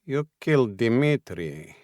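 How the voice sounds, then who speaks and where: A man voicing a young, lean male Russian thug with a heavy Russian accent, slow and seething with held-back anger. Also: medium pitch, big pitch swings, a little mellow, no echo, clean studio sound.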